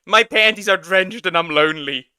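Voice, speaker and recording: A man streaming as a VTuber, reacting live with loud laughter and shocked exclamations. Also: sits high, normal speed, clear, resonant tone, no room sound.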